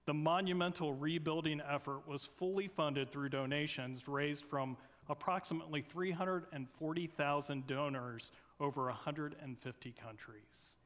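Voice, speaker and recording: An earnest man preaching a sermon in a church sanctuary, his voice pitched somewhat high for a man. He speaks in measured phrases with pauses between them. A long reverb from the big room trails after every line. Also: a bit bright. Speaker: guest preacher. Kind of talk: sermon with opening prayer. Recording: long reverb of a large hall.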